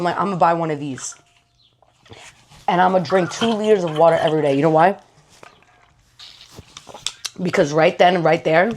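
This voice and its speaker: A woman's voice: mid-range voice, a little mellow. A young woman vlogger talking casually to camera, giving blunt, slangy self-help advice and laughing at herself. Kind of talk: casual motivational talk to camera.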